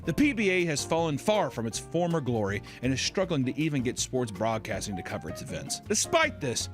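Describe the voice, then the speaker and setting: A man hosting a comedic video commentary, animated and profane, often laughing mid-sentence. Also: medium pitch.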